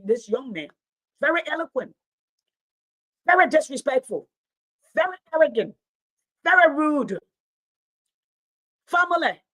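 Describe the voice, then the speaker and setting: A woman's voice: high-pitched, fairly bright tone. A middle-aged woman giving impassioned political commentary, indignant and emphatic, repeating phrases for stress.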